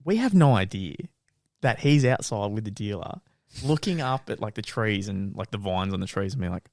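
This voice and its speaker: Young man, lively pitch, dry close sound; animated podcast storyteller. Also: normal speed, no room sound. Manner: animated storyteller, acts out voices, laughs often. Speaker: podcast co-host. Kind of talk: casual storytelling chat.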